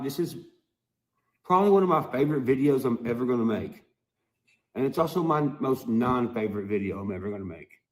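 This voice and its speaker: A man ranting to his video audience in a heated, profane monologue full of emphatic, drawn-out phrases. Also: medium pitch. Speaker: musician vlogger.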